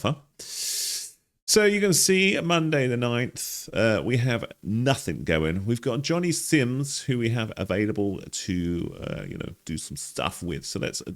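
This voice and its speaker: A man commentates casually over a game walkthrough, thinking aloud with a wry, chatty manner. His voice is lowish and gravelly with plenty of pitch movement. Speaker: gaming channel host.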